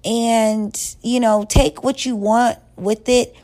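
A woman vlogger giving relationship advice in a blunt, profane, scolding rant, stretching words and jumping up in pitch for emphasis. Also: steady tone, slow, dark tone. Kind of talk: casual rant to camera.

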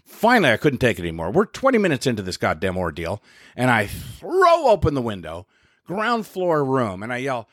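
A middle-aged man hosting a podcast, telling stories in a wry, profane, animated way. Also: medium pitch, normal speed, dry recording, clean studio sound. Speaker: podcast host and comedian. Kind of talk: casual storytelling chat.

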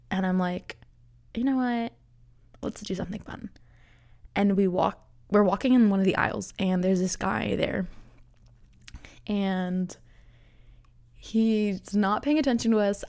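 Young woman, podcast host, casual solo chat, rambling, laughs a lot, everyday pitch. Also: creaky, darkish tone. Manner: chatty, rambling, laughs often, many fillers.

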